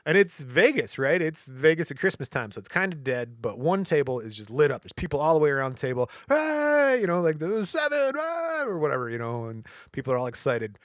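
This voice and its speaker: A man's voice: mid-range voice, fast talker, hardly any pauses, no room sound. A man telling a story on a podcast, his voice in the middle range for a man and recorded close and dry. He jumps into the voices of the people in the story and swings his delivery as he goes. The style is loose, casual chat. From Michigan. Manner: animated storyteller, acts out quoted voices. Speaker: podcast co-host.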